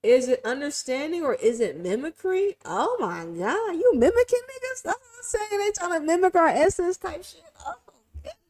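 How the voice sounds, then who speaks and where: A high-voiced woman streamer talks in casual, profane commentary. Her pitch leaps all over, and she fires off rhetorical questions. She drops from loud bursts to near-hushed mutters. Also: normal speed, hardly any pauses. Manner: animated, swinging from loud to hushed.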